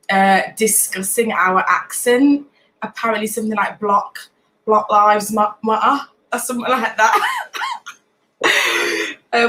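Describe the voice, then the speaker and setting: A woman's voice: mid-range voice, fairly bright tone, low-quality recording. A woman in her late twenties from Nottingham with a Nottingham accent, hosting a casual livestream, chatting, laughing often and greeting viewers by name. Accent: Nottingham English. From Nottingham, England. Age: late 20s. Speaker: livestream host.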